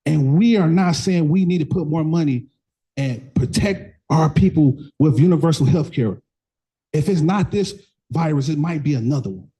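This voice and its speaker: A man's voice: a little high, moderate pace, warm tone, husky, poor audio. A young man speaking as a candidate at a community political meeting, passionate and emphatic, with repeated phrases and frequent fillers. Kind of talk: impassioned campaign speech, then answering questions.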